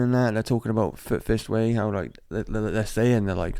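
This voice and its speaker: Man, podcast co-host, low mellow voice, dry close sound, casual sweary chat. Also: fairly quick, creaky, smooth, no echo. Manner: laid-back, sweary, says mate a lot.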